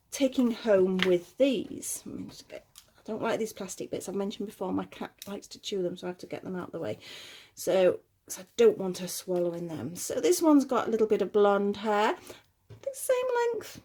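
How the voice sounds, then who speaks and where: A woman's voice: medium pitch, lively intonation, moderate pace, background noise. A woman chatting casually at home as she unboxes little dolls, cooing over the tiny details. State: a bit out of breath. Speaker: doll collector unboxing dolls. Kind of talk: casual unboxing chat to camera.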